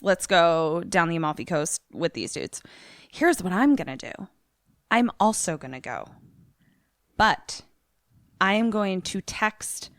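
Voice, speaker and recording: A woman's voice: fairly low pitch, a bit bright, no room sound, clean studio sound. Jokey, swearing woman podcast co-host. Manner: jokey, swears freely, plays out what she would do. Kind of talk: casual podcast chat.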